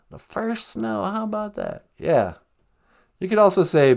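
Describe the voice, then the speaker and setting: A man from Minnesota hosting a casual, jokey live-stream podcast, sounding out words slowly and carefully. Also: a little high, wildly swooping pitch, creaky, darkish tone. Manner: playful, jokey, teaches words with slow careful pronunciation. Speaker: podcast host.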